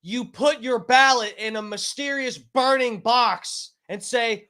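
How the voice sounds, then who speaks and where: A man's voice: very high-pitched, slow pace, few pauses, sharp tone, smooth. A man hosting a casual livestream from home, rambling and swearing heatedly. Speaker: livestream host.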